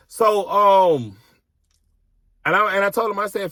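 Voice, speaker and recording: A man's voice: high voice, measured pace, long pauses, sharp tone, no room sound. Profane, blunt man ranting in his car. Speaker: vlogger telling a personal story. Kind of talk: casual storytime rant.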